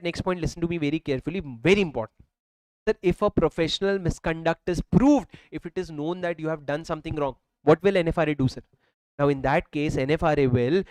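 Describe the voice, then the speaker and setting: A man with an Indian English accent lectures a live class through a mic, his voice sitting high. He hammers each point with emphatic repetition and calls his students "sir". The sound is dry and close. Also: dry recording, poor audio. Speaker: accountancy law teacher. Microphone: handheld or worn mic.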